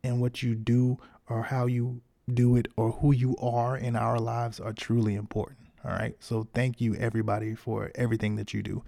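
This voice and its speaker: A man speaking with a gravelly, fry-edged voice in a casual solo podcast monologue. His tone is dark and mellow, and he talks frankly, encouraging his listeners in loose everyday slang. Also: medium pitch, monotone, moderate pace, hardly any pauses. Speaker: podcast host.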